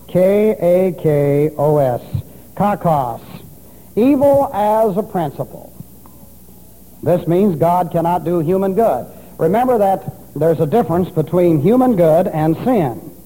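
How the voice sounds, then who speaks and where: A man's voice: high voice, warm tone. A man preaching an expository sermon, spelling out Greek words letter by letter and teaching with emphasis. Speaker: pastor. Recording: long reverb of a large hall.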